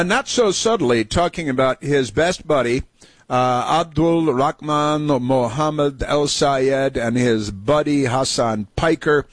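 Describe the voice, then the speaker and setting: A man's voice: medium pitch, dry recording. A man hosting a talk radio show, indignant and sarcastic, rambling with many fillers as he introduces audio clips. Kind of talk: opinionated talk radio commentary.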